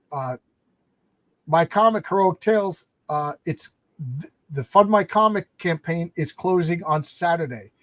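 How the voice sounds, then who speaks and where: A man's voice: on the high side, no echo. A man hosting a casual late-night comics live stream, rambling as he retells comic plots.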